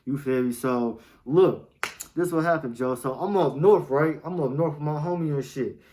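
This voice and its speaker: A man's voice: a little high, normal speed, mellow, a little hiss or hum, poor audio. A young man, telling a story in casual, slang-heavy talk and often asking "you feel me.". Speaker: storytime vlogger.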